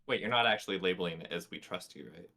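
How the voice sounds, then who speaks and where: A man's voice: low-pitched, fast talker, creaky, bright, forceful tone. A man playing in a tabletop role-play game, casual, playful and joking with the game master. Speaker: player.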